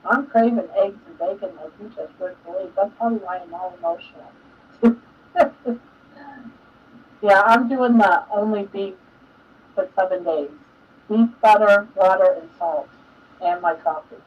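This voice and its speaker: Older woman, live stream host, husky voice, set back from the mic, lo-fi audio. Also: mid-range voice, measured pace, pauses often. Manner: chatty and emotional, laughs often. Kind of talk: casual chat. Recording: dull lo-fi sound, distant from mic.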